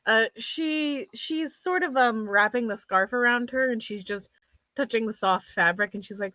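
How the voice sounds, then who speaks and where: A woman playing in a tabletop game, describing her character's actions in a lively, chatty way. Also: mid-range voice, a little fast, dry recording, rough recording. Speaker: player.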